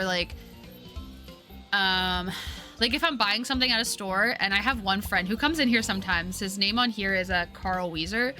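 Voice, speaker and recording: A woman in her twenties chatting casually while streaming a game, talking in a giggly, upbeat voice she keeps high out of long habit from customer service. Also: sharp tone. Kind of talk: casual chat while gaming.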